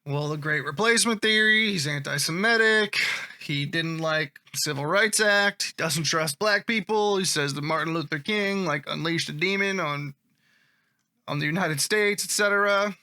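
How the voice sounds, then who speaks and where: A man with a high, piercingly bright voice reads online comments aloud and reacts to them. His delivery is sarcastic and offhand, with plenty of swearing. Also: normal speed. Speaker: commentary vlogger.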